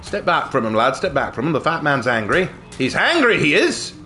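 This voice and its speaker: A man's voice: on the high side, sing-song, normal speed, bright, forceful tone, soft background music. A game streamer, a man, chatting through his matches in a hammy put-on British accent full of mock slang. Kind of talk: gaming livestream commentary.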